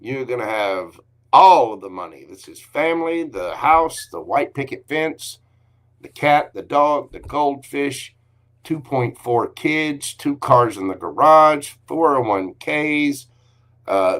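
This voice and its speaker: A man's voice: mid-range voice, a bit bright. A man giving a live tarot reading in an upbeat, encouraging way, with frequent exclamations. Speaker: tarot card reader.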